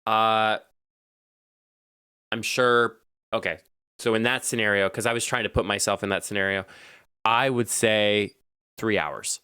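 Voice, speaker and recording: A man's voice: lowish voice, measured pace, pauses often, clean tone, no echo, studio quality. A young man co-hosting a casual podcast chat, talking animatedly, getting worked up and laughing a lot. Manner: animated, gets heated and laughs often. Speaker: podcast co-host.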